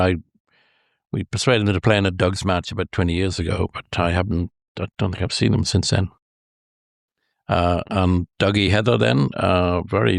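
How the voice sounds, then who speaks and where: Older irish man, low gravelly voice, rambling anecdotal storyteller, dry close sound. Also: dry recording. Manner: rambling, many hesitations, chuckles at his own stories. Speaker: golf historian guest.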